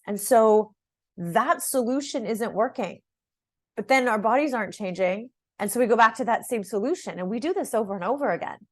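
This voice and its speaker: A middle-aged woman coaching her viewers on fitness, speaking in a loose, conversational way. She restarts phrases and keeps checking in with "right?" and "okay?" as she explains. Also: fairly high pitch. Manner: conversational, repeats words, asks "right?" and "okay?" often. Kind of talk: direct-to-camera program overview.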